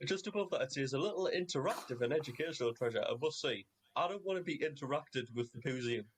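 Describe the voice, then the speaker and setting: A man's voice: medium pitch, expressive, fast talker, breathy edge, poor audio. A man co-hosting a casual comedy podcast, reading out strange facts with wry asides. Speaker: podcast co-host. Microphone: podcast mic in a live online session.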